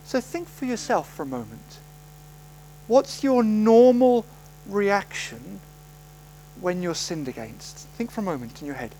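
A man's voice: sits high, sing-song, a little slow, mellow, a little hiss or hum, poor audio. A man preaching a sermon in a conversational storytelling manner, acting out the voices he quotes. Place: church service.

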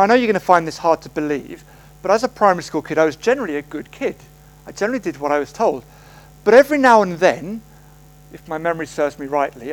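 A man's voice: high-pitched, low-quality recording. A man preaching a sermon in a conversational storytelling manner, acting out the voices he quotes. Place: church service.

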